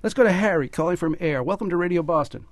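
A man hosting a call-in radio talk show, brisk and wry as he keeps the conversation moving. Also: high-pitched, no echo. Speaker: radio host.

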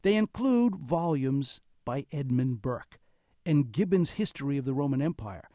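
Lively, animated male radio host. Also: medium pitch, measured pace, no echo, clean studio sound. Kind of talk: radio feature narration and talk show hosting. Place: radio studio.

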